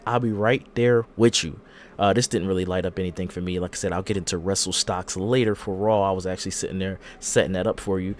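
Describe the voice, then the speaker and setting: Low-voiced male podcast host. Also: a little hiss or hum. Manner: animated storytelling, acting out quotes. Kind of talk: casual chat.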